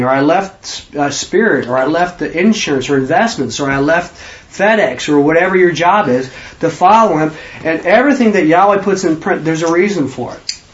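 A man preaching in a loose, conversational way, his voice sitting a bit high. He gets animated and slips into the disciples' voices to act out their questions. The recording sounds slightly dull. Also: slight background noise. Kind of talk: conversational sermon.

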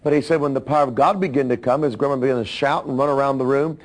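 A man's voice: medium pitch, fairly even intonation, racing, rough recording. A man telling a preacher's life story in a sermon, with his own asides to the listeners. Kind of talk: biographical sermon narration.

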